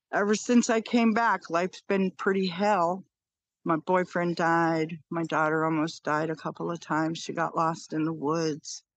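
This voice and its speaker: A woman's voice: on the low side, no room sound. A woman in her fifties, a podcast guest, earnestly telling a personal story and repeating phrases for emphasis.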